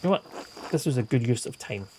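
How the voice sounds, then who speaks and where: A man's voice: medium pitch, animated, fast, noisy background. Chatty man doing game commentary. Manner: chatty, joking asides. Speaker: streamer. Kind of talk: let's-play commentary.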